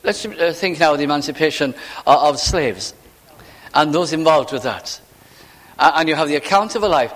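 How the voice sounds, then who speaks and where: A man's voice: a little high, lively intonation, fairly bright tone. Man preaching in a reverberant hall. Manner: conversational preaching with rhetorical questions; slows for scripture quotations. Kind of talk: sermon. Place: church.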